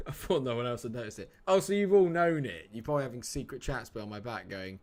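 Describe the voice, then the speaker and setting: Streaming a game, a man keeps up casual, joking chat with his viewers and replies to chat by name. He talks fast in a medium-pitched, a little mellow voice with lively intonation.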